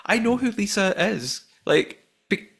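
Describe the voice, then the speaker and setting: A man's voice: high voice, animated, unhurried, creaky, fairly bright tone, breathy edge. A man hosting a podcast in casual chat, laughing often and restarting sentences. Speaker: podcast host.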